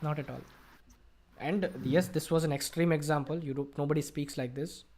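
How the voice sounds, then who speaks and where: A man's voice: on the high side, fairly even intonation, normal speed, a little mellow. A man with an Indian English accent teaching an online English speaking class, explaining and quizzing his students. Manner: explanatory, asks the class questions. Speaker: IELTS tutor.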